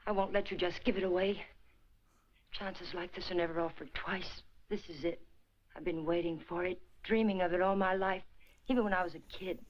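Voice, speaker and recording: An actress playing a cool, greedy femme fatale with a clipped, determined delivery, in 1940s film noir style, from an old film soundtrack. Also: female voice, fairly low pitch, steady tone, a little fast, lo-fi sound, lightly acted. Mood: cold.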